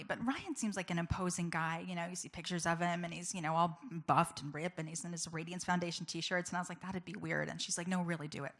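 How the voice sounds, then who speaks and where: Before a live crowd, a woman delivers an earnest, chatty personal talk with many fillers. Her voice is on the low side and fairly bright with a steady tone, and she speaks fast with hardly any pauses.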